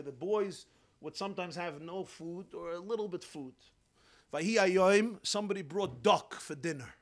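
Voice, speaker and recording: A high, bright male voice delivers a sermon with a lilt. He tells a story animatedly, dropping low for asides and then rising sharply as he acts out the characters. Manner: animated, swings from hushed to shouting, acts out characters. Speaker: rabbi.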